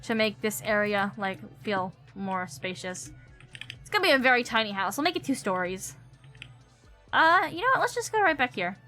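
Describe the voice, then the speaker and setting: Bright, giggly young woman streamer. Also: mid-range voice, lively intonation, normal speed, faint music behind. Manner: chatty, giggly, thinking aloud. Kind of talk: casual gameplay commentary.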